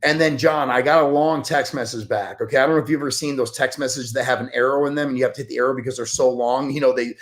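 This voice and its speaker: A man's voice: mid-range voice, steady tone, fast talker, hardly any pauses. A man speaking as a podcast guest, telling an earnest story in an emphatic, motivational way. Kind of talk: animated storytelling.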